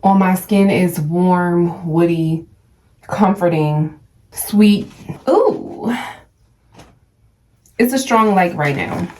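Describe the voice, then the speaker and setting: A young woman vlogging a perfume unboxing, gushing and excited, stumbling over brand names. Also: fairly low pitch, slow. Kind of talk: casual unboxing vlog. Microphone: phone.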